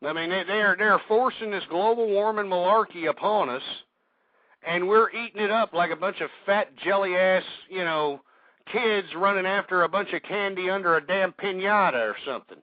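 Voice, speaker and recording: High-voiced man ranting on talk radio. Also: normal speed, no echo. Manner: hostile, ranting, swears often. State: out of breath. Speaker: radio talk show host. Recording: dull lo-fi radio broadcast.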